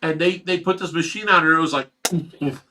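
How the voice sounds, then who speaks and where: A man's voice: on the high side, steady tone, brisk, pushed and bright, slight background noise, rough recording. A middle-aged man telling a personal story in casual chat, emotional and rambling, swearing freely. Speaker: fish rescue owner.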